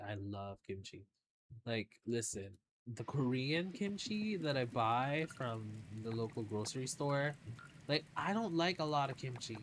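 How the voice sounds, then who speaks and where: A man's voice: medium pitch, a little hiss or hum. A man streaming a game, chatting casually in a rambling way and swearing now and then. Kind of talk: casual gameplay chat.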